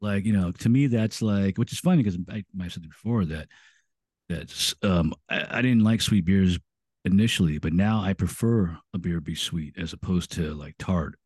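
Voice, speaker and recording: A man's voice: low voice, normal speed, a little mellow, slightly rough, no room sound, clean studio sound. A man co-hosting a casual beer podcast, hesitant and often searching for the right word. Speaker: podcast co-host. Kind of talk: casual chat.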